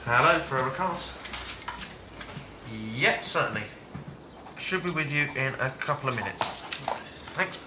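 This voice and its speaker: Brief: businesslike cab dispatcher, echoey noisy office. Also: male voice, on the high side, expressive. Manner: brisk, businesslike. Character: minicab office controller on phone, brisk. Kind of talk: TV soap drama.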